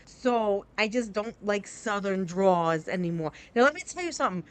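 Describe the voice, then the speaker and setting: A chatty streamer, a woman whose voice sits at an ordinary middle pitch. She talks to her chat in a loose, candid ramble, circling back and restarting her thoughts as she plays. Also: expressive, normal speed. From New Jersey. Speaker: game streamer. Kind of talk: casual live-stream chat.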